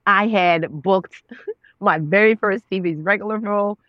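Animated woman telling a story, dry dull sound. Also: unhurried, no room sound. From Nigerian family. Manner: expressive, acts out her own past words with big pitch jumps. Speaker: guest, actress and author.

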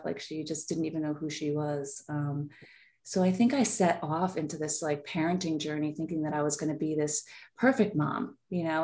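A woman in her forties, appearing as a podcast guest, rambles through a heartfelt personal story with many fillers. Her voice is low-pitched and darkish in tone.

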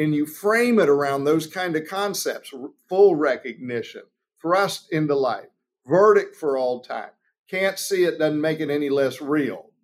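A man with a fairly high voice talks through his courtroom method in a podcast interview. He tells stories with energy and slips into the voices of the people in them. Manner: animated storytelling, acts out quoted voices. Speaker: trial lawyer guest.

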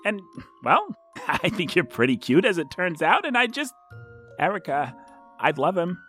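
A man's voice: high-pitched, huge pitch swings, fairly bright tone, soft background music, exaggerated voice. A man playing a stammering nervous young suitor. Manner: stammering, halting, laughing nervously. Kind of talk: audio drama acting.

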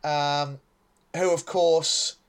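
A man's voice: on the high side, fairly even intonation, extremely slow, clear, resonant tone. A man co-hosting a podcast, chatting casually and sarcastically about a TV episode, often laughing. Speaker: podcast co-host. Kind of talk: casual chat reviewing a TV episode.

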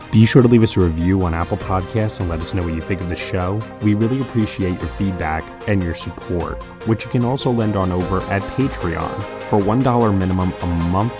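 A man reading a scripted podcast outro with smooth promotional delivery. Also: low-pitched. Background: music bed.

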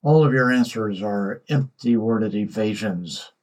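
A man voicing an arrogant young king who mocks, threatens and shouts. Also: on the low side, lively intonation, measured pace. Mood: angry, mocking.

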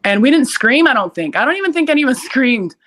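A young adult woman, a podcast guest, telling a frightening story in a casual, animated way, with frequent "like" fillers and loud shouted quotes. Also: high-pitched, quick pace. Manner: uses many fillers like "like".

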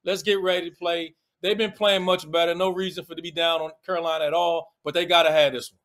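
This is a man with a high voice and a D.C. accent, chatting about college basketball. He is animated and playful, quick to needle the others at the table. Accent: Washington D.C. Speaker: basketball analyst. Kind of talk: casual sports chat.

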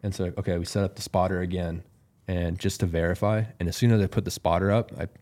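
A calm, laid-back man telling a story as a podcast guest in casual conversation. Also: deep voice, fast talker.

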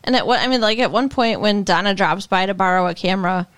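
A woman's voice: medium pitch, quick pace, fairly bright tone, no echo, studio quality. A woman co-hosting a podcast, chatting casually about a TV episode, asking wry questions about the plot. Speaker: podcast co-host. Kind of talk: casual TV recap chat.

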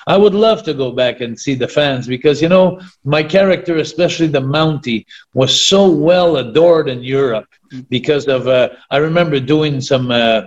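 Man, French Canadian accent, native French speaker, rambling interview guest, slightly high voice, muffled lo-fi audio. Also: normal speed. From Quebec, Canada. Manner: rambling, many restarts and fillers. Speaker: retired pro wrestler guest. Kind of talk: casual interview chat.

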